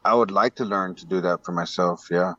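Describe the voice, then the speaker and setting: Laid-back low-voiced man. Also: steady tone, fairly quick, sharp tone, dry recording, muffled recording. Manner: laid-back, rambling, hesitant. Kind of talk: casual chat.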